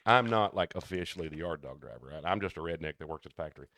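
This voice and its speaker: A man, fairly low-voiced, tells rambling work stories on a casual podcast. He is lively and acts out everyone he quotes. The sound is dry and close. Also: racing, no room sound. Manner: animated storyteller who acts out quoted people. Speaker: podcast co-host. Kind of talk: casual storytelling chat.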